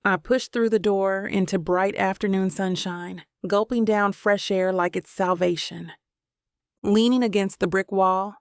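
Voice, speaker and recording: A woman reading a romance audiobook as a steady first-person narrator. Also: medium pitch, creaky, no room sound, studio quality.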